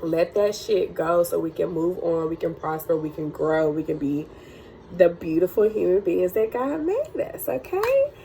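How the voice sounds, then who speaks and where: This young woman, owner of a crystal healing channel, has a lowish, creaky, mellow voice with big pitch swings, normal speed and a faint hiss or hum. Her vlog about surviving hard times is emotional, blunt, preachy and full of swearing, with moments of tears.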